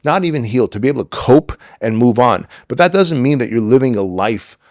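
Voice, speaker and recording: On a clean, dry studio recording, a middle-aged podcast guest talks briskly and animatedly in a medium, darkish voice. He tells personal stories emphatically in a candid interview, acting out dialogue and occasionally swearing.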